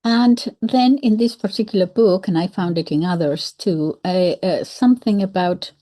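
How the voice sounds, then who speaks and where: A woman giving measured, analytical commentary on a historical book, with occasional soft whispered asides. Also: medium pitch. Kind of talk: reflective commentary.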